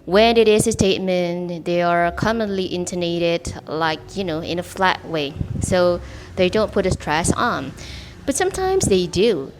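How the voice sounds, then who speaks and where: A woman's voice: fairly low pitch, expressive, a little slow, background noise. A woman with an Indonesian accent, a native Indonesian speaker, giving a casual English lesson, chatty and full of examples and fillers. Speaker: English teacher. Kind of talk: casual teaching video.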